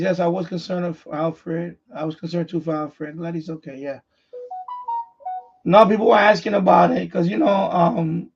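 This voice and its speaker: The host is a man with a high, gravelly and husky voice who rambles and keeps circling back over the same point. The stream audio sounds dull and lo-fi. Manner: repetitive, restarts sentences often. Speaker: livestream host, amateur radio operator. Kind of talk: casual rambling chat.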